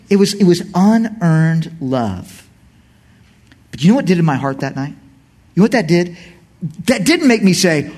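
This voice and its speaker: Male pastor, middle-aged, high voice, very lively pitch, preaching in church. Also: normal speed. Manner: animated, swings from quiet asides to shouted emphasis. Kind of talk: sermon.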